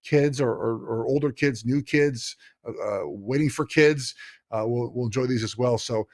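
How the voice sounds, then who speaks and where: A man's voice: medium pitch, normal speed. A middle-aged man hosting a podcast, chatting casually and rambling with lots of fillers and restarts. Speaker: podcast host. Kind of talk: casual chat.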